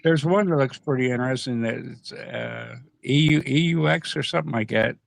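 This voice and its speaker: A man chatting casually on a streamed panel call, halting and repeating his words, laughing often. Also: medium pitch, gravelly, dry recording. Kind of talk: casual chat. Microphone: video call.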